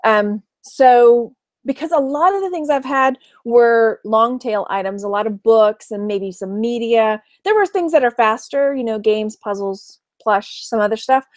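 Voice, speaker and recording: Talking to camera in a fairly high voice and at a slightly slow pace, a middle-aged Texan woman who resells online describes her week and business. The audio has no echo, and she frequently laughs and does impressions of her mother.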